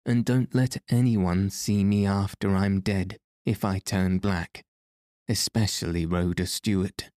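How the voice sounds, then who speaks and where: A man's voice: low-pitched, steady tone, unhurried, a little mellow, no echo, clean studio sound. A man reading the lines of a solemn, dramatic little girl in a storybook, in an earnest voice.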